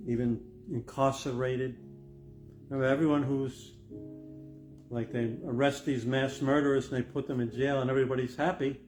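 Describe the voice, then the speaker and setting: Older guy preaching, mid-pitched voice, earnest then emphatic, guitar music under him. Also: a little mellow. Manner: earnest, reflective, rising to emphatic stress. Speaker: pastor. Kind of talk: sermon. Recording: music playing behind the voice.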